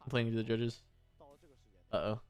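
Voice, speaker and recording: A man's voice: medium pitch, level tone, moderate pace, clear, resonant tone, faint music behind. A man commentating live on a card game tournament, laid-back and thinking aloud.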